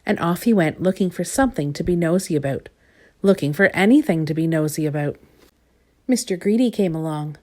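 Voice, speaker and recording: A woman reading a children's storybook aloud, gentle and expressive, lingering on repeated words. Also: fairly low pitch, a little fast.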